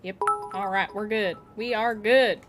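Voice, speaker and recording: A woman streamer chatting casually with her viewers while playing, excitable and giggly. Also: mid-range voice, unhurried, soft background music. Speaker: game streamer. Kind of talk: casual live-stream chat.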